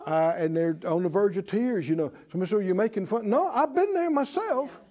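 A man preaches an animated sermon in a high-pitched voice, brisk and with few pauses. He asks the congregation to answer back and mimics worried voices.

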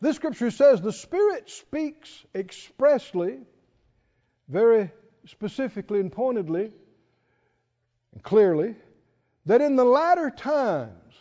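A man preaching in a church, with a high, lively voice that climbs and falls as he stresses each word. He speaks slowly and draws out each scripture line. The recording sounds dull and lo-fi, with a long reverb from the hall. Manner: folksy, asks the audience questions. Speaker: pastor. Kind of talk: sermon.

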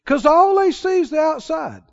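High, lively folksy male preacher. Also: moderate pace, creaky. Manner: folksy storytelling, rising to emphatic exhortation. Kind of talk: sermon. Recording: dull lo-fi sermon recording.

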